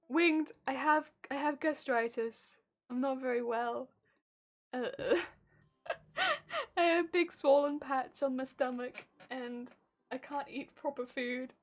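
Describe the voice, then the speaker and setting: A woman streamer chatting casually with her viewers, telling animated stories and laughing often. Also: high-pitched, takes it slowly, faint music behind. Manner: reads and answers viewer chat. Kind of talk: casual live-stream chat.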